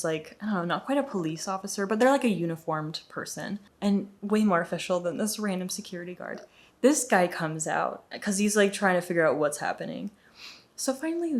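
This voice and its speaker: A young woman tells her story to camera as a vlog, animated and indignant, slipping into the voices of the people she quotes. Her voice sits slightly low for a woman. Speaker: vlogger.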